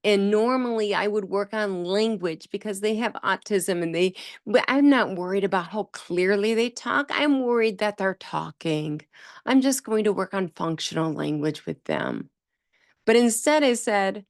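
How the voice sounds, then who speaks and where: A woman talks straight into a close microphone, and the sound is dry with no room around her. She hosts a speech therapy podcast in an animated way. She leans on repeated words and acts out the voices of the people she quotes. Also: mid-range voice, unhurried, dry recording. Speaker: speech-language pathologist podcast host. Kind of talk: solo podcast talk.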